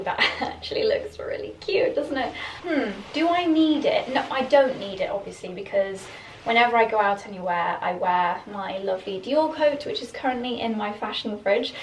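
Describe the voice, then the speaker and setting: A woman's voice: on the high side, far from the mic, a little hiss or hum. A young woman vlogging about fashion, chatty and giggly, thinking aloud while she tries on clothes at home. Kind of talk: casual vlog chat. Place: room at home, trying on clothes. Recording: echoey room, voice from off-mic.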